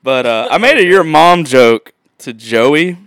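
A man's voice: fairly high pitch, lively intonation, a little slow, fairly bright tone. A man hosting a casual podcast, telling laid-back stories and laughing often. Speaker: podcast host.

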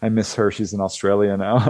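A middle-aged man, a guest in an interview, telling a personal story in a casual, animated way and acting out the dialogue as he goes. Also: fairly low pitch, brisk, no room sound, poor audio. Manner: hesitant restarts and fillers.

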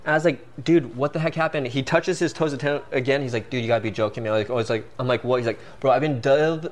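A man as a guest, telling a story in a casual, animated way full of "like" and fillers. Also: medium pitch, fast. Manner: animated, filler-heavy, peppered with "like".

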